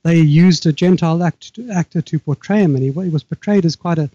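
Dark-voiced older man. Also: a little high, no echo, muffled recording. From South Africa. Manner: measured, halting with frequent restarts. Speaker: guest author. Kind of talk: remote interview conversation.

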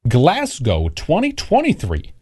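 A man's voice: a little high, huge pitch swings, takes it slowly, darkish tone, husky. Sarcastic man hosting a commentary show. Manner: mocking, rambling, lots of fillers. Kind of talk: sarcastic commentary over news clips.

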